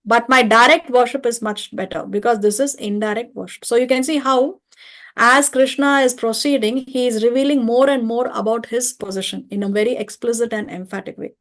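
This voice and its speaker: Lady teaching an online class, a bit high-pitched, patient, keeps asking hmm?. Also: fairly even intonation, brisk, a bit bright. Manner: patient, explains step by step with rhetorical checks. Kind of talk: online study-class lecture. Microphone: video call or home mic.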